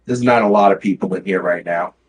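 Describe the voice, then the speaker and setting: A man narrating a tabletop game as game master, relaxed and chatty with many fillers. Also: sits low, fast talker, slight background noise, rough recording.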